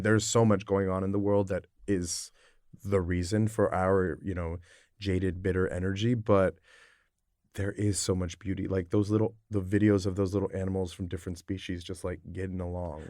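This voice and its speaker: A man, an actor, talking as a podcast guest in a rambling, animated way, full of "like" and "you know". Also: low-pitched, no echo, studio quality. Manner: rambling, filler-heavy, animated when storytelling. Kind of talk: casual conversation.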